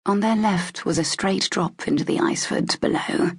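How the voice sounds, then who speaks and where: A woman narrating a fantasy audiobook in a steady, even storytelling manner, with a husky, gravelly voice. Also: mid-range voice, moderate pace.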